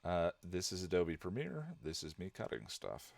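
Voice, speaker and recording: A man's voice: low-pitched, huge pitch swings, normal speed, creaky, dry recording. A man hosting a casual live stream while he edits a video review, muttering distracted asides to himself and greeting viewers. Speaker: channel host editing a video review.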